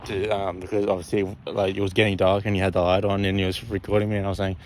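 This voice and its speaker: A man's voice: low voice, level tone, fast. A young man telling a story in a casual, rambling way, often repeating and correcting himself.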